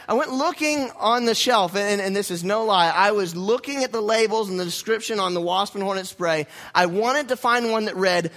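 A young man preaching, spinning a story with lively, self-mocking humor. His voice sits high and rings bright and clear. He delivers it as a sermon to his congregation. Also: normal speed, hardly any pauses. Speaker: pastor.

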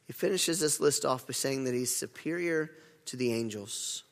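A man's voice: mid-range voice, normal speed, vocal fry. A man preaching a sermon as pastor, earnest, often repeating words and restarting phrases. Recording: long hall reverb.

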